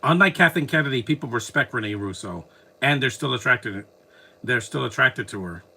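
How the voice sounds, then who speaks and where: A man's voice: medium pitch, animated, a little fast, creaky, sharp tone, breathy edge. A man giving casual, opinionated commentary while watching a film, rambling and restarting his sentences.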